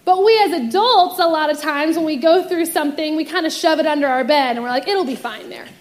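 Very high-voiced woman preaching. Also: a little fast. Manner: animated storytelling, acts out voices in quotes. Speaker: youth pastor. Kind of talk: casual sermon with personal story.

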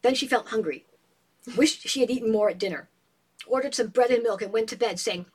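A woman in a casual book discussion, retelling a novel as an animated storyteller and reading passages aloud. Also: fairly high pitch, fairly quick, breathy edge.

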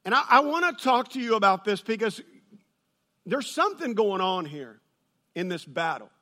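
A man preaching a sermon, telling a funny personal story and building to loud, excited peaks. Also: sits high, normal speed. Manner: storytelling with humor, rises to shouting. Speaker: pastor.

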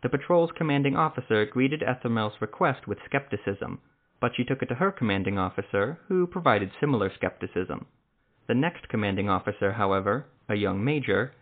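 Male narrator, measured read, mid pitch, narrow phone-like audio. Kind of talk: story narration. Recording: tinny phone-like sound.

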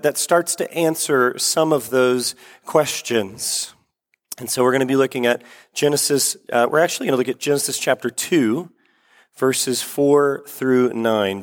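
A man preaching a sermon as pastor, talking casually with fillers and restarts, then reading scripture. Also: medium pitch. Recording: echoey hall.

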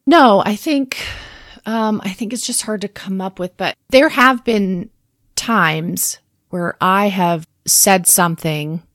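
A woman in her thirties talking candidly about parenting and therapy in a relaxed podcast chat, reflective and quick to laugh. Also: mid-range voice, dry recording, studio quality. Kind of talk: casual podcast conversation.

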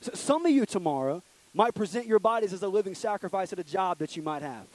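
A man's voice: sits high, fast talker, dry recording, low-quality recording. A young man preaching a casual, joking youth sermon in a church room, acting out little voices. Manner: animated, joking, acts out voices. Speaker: youth pastor.

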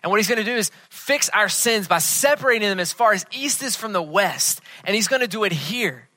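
A man preaching a sermon as pastor, earnest, often dropping to a hushed tone for emphasis. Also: high voice, expressive, fairly quick, no room sound.

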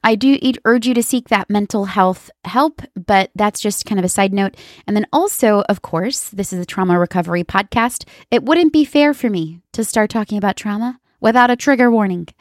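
A woman's voice: mid-range voice, normal speed, hardly any pauses, no echo, studio quality. Earnest woman therapist hosting a podcast. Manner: earnest, explanatory, addresses listeners directly. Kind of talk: educational podcast talk.

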